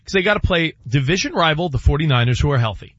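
A man co-hosting sports talk, bouncing his fairly high voice up and down as he argues a schedule. The sound is dry and a little dull, like a close studio mic. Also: fast talker, husky, dry recording. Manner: animated, teasing, goes over schedules game by game. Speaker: sports radio co-host.

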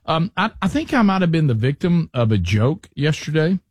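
A man's voice: fairly high pitch, sing-song, normal speed, no echo. A male radio show host telling a rambling story in casual studio banter.

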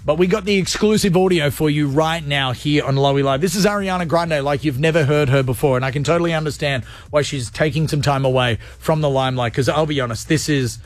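A man's voice: fairly high pitch, brisk, few pauses, no room sound. A man hosting a comedic radio show, joking loosely and switching into a mock announcer voice. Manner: animated, jokey, mock announcer voice at times. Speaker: radio host.

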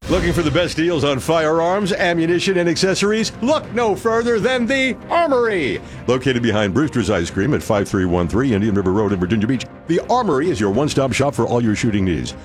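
A man's voice: expressive, fairly quick, soft background music. Hyped male radio ad announcer. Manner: hyped, building salesman pitch. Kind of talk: scripted radio ad read.

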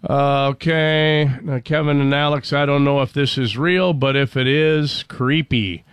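A man's voice: medium pitch, moderate pace, smooth, dry recording. A man hosting a talk radio show, rambling sarcastically with many fillers. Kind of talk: casual talk radio banter.

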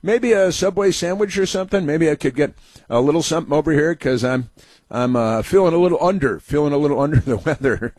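A man putting on a mocking high voice for a flippant condemned woman. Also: quick pace, darkish tone, dry recording, natural voice.

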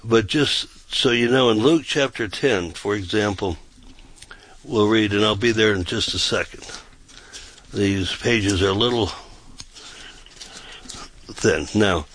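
A man's voice: fairly low pitch, takes it slowly, long pauses, a bit bright. A man, a pastor, teaching from the Bible in a rambling, repetitive way, often checking in with "okay?".

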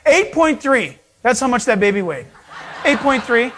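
A man preaching a sermon, telling stories with animated delivery and acting out the voices of people he met. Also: very high-pitched, normal speed, husky. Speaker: pastor.

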